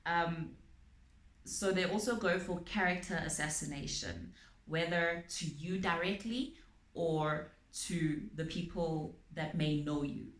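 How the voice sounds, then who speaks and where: A woman calmly explaining her topic to viewers, using everyday examples and frequent pauses and ums. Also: fairly low pitch. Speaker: channel host on abuse awareness. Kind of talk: explanatory talk to camera. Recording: echoey room.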